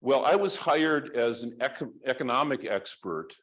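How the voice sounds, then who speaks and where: A man's voice: medium pitch, lively intonation, moderate pace, a bit bright. A man giving a university lecture, telling a story in a rambling, conversational way with many restarts.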